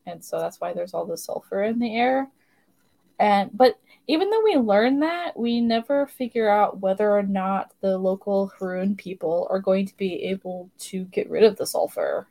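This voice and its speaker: A woman's voice: medium pitch, lively intonation, normal speed, creaky, warm tone. Woman cohost recapping a cartoon, sarcastic, laughs a lot, casual chat. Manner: giggly, sarcastic commentary. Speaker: podcast co-host.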